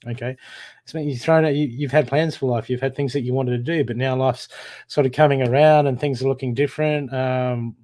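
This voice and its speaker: A man's voice: medium pitch, a little mellow, no room sound. Man giving encouraging live card readings. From Australia. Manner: casual, encouraging, repetitive pep talk. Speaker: tarot card reader.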